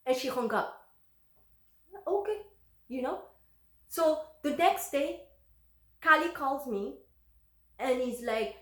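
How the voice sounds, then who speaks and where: A woman's voice: high-pitched, normal speed. A middle-aged woman telling a heated personal story to her viewers, acting out the dialogue. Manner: animated, heated retelling with quoted dialogue. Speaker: vlogger. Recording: echoey room.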